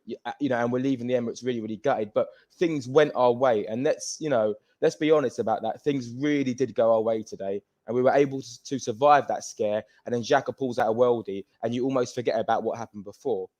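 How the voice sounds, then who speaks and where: A man calling in to a football fan show, giving a measured, thoughtful take on the match. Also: medium pitch, a little mellow.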